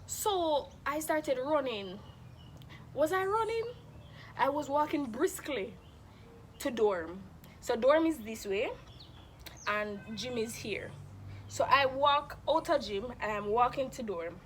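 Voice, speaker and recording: A young woman chats through a dramatic storytime, animated and expressive. Her voice sits a little high. A faint hiss lies under the recording. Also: slow, long pauses. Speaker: vlogger. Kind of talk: casual storytime.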